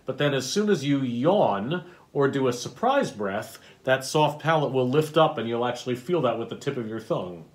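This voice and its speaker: A man teaching a vocal warm-up, coaching between sung syllables. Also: mid-range voice, animated, moderate pace, hardly any pauses. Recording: loud piano behind the voice. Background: piano accompaniment.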